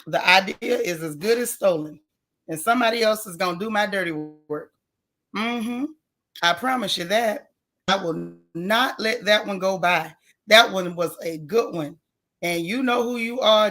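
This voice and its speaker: A woman's voice: medium pitch, fairly bright tone. A woman with a strained voice, hosting a casual live stream and greeting her viewers one by one in a folksy, chatty way. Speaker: livestream host.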